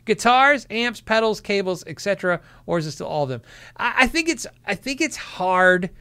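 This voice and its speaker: A man's voice: high voice, very animated, moderate pace, pushed and bright, clean tone. A middle-aged man hosting a live stream, answering viewer questions in casual chat, laughing often and acting out quotes.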